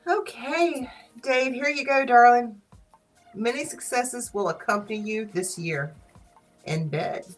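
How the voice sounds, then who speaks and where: A woman with a Southern US accent hosting a casual live stream, playful and teasing, quick to laugh. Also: on the high side, soft background music, rough recording. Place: small studio.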